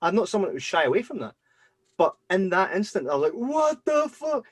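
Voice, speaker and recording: A man hosting a podcast, telling personal stories in a casual, animated way and acting out his own reactions. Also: high-pitched, fast, slightly rough, dry recording. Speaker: podcast host. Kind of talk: casual storytelling chat.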